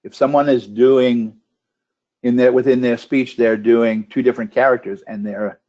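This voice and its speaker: A man trains contest judges in an instructional webinar, firing off checklist questions one after another and restarting a few times. His medium-pitched voice is steady and warm at a normal speed, though the computer microphone on the call makes the audio dull.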